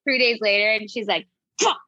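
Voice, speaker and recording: Woman, high bright voice, brash, profane, casual chat, dry close sound. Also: normal speed, no echo, highs cut off. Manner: brash, profane, dramatic impressions.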